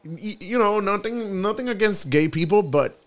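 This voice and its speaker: A man, a guest on a podcast, telling a story in relaxed casual chat and repeating his phrases. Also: high voice, moderate pace.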